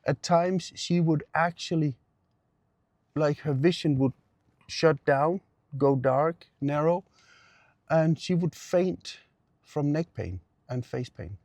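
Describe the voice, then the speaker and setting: Middle-aged therapist, earnest storyteller, gravelly raised voice, dry sound. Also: male voice, a little high, slow, pauses often, darkish tone, no echo. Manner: earnest, repeats phrases for emphasis. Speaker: pain therapist. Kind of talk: personal storytelling.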